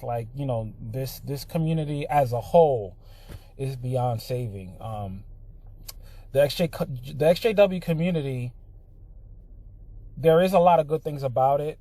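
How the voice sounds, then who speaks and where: A man talking casually straight into the camera, with lots of "you know" fillers, building into a heated rant. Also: mid-range voice. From Puerto Rican heritage. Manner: frequent fillers, grows heated and loud. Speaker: vlogger.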